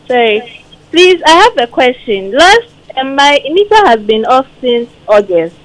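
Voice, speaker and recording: A woman's voice: high voice, very animated, measured pace, low-quality recording. A woman calling a radio show and explaining her grievance in detail. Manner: aggrieved, detailed account. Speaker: caller. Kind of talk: call-in complaint.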